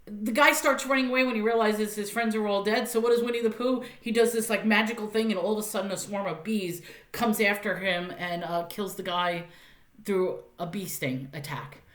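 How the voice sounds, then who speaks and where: A woman's voice: medium pitch, normal speed, reverberant. A woman giving a casual, chatty spoken movie review, often laughing and using lots of fillers.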